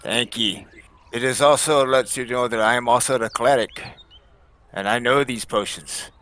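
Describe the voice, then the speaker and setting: A man voicing a gruff, blunt male dwarf cleric who is questioning a witness forcefully in court. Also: medium pitch, moderate pace, natural voice. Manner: forceful, interrogating.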